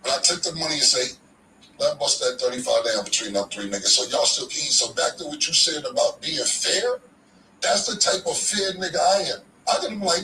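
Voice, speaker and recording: A man's voice: fairly high pitch, fairly quick, roomy sound, recorded from a distance, over music, poor audio. A man telling a story in a casual, slangy, profane way, often repeating himself. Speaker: podcast guest telling a story.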